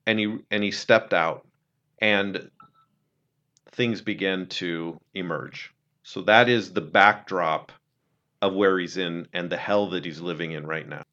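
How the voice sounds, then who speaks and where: A man telling a story in an earnest, conversational way, dropping low and quiet when he quotes someone. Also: a little slow, lo-fi sound. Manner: earnest, retells a film scene, drops low and quiet for quotes. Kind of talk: casual storytelling talk.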